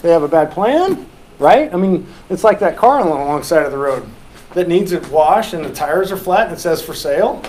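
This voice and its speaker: Male instructor, high voice, animated and jokey, lively classroom teaching, faint background noise. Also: a little fast, low-quality recording. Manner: animated, joking, acts out quoted lines. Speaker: real estate instructor. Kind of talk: classroom teaching with audience questions.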